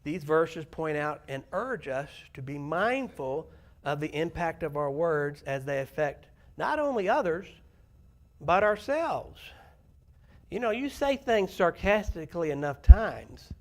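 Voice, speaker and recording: A man with a fairly high voice delivers a sermon in a church. He talks in a conversational way and often turns to the congregation with questions. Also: a little mellow. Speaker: preacher. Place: church sanctuary.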